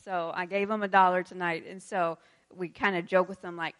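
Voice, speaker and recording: Woman in her thirties, pastor's wife, casual chatty preaching, quick laughs. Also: lowish voice, level tone, a bit bright, clear, resonant tone. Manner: chatty, laughs often, leads prayer. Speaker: pastor's wife leading a church service. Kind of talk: casual sermon.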